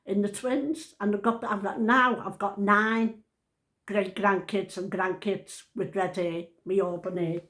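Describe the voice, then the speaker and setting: An older woman with a Liverpool accent, telling a family story in a chatty, rambling, homely way. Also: medium pitch. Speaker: vlogger. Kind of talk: casual storytelling.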